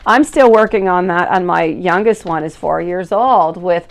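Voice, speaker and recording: A woman's voice: lowish voice, moderate pace, gravelly. A woman in her thirties giving a live-stream tarot reading in a chatty, affectionate way, calling viewers sweetie and beautiful. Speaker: tarot reader.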